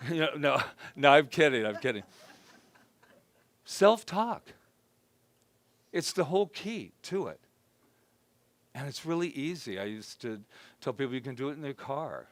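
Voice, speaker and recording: A man preaching an informal sermon to a congregation, conversational and joking, who softly acts out his own self-talk. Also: mid-range voice, lively intonation, a little slow, long pauses. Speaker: minister. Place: spiritual center gathering before a congregation.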